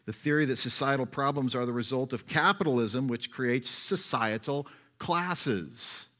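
Man, pastor, sermon, conversational, wry, mid-pitched voice, loud then soft. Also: measured pace.

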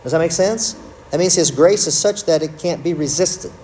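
A man teaching a church class, conversational and quick to joke at his own slips. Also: on the high side, mellow, a little hiss or hum. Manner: conversational, self-interrupting with humor.

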